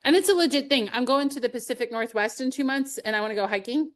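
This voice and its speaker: A middle-aged woman leads a live sales training webinar, upbeat and conversational, sharing personal anecdotes with light laughs. Her voice is high and fast.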